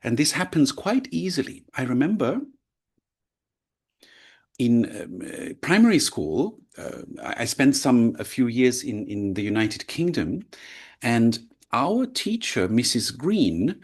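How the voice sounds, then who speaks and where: A man's voice: medium pitch, big pitch swings, slow pace, breathy edge. A man teaching a lecture, explaining with frequent checks like "right?" and "yeah?". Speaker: language teacher.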